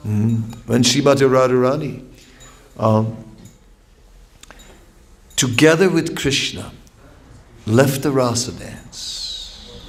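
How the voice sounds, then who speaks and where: Slow reflective male devotional lecturer. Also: mid-range voice. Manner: reflective, with long pauses; storytelling with acted quotes. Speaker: spiritual teacher.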